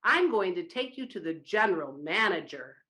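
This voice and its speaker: A woman's voice: medium pitch, lively intonation, slow. A woman voicing a bossy, angry male factory foreman who scolds and mocks. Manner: loud, scolding, mocking laughter.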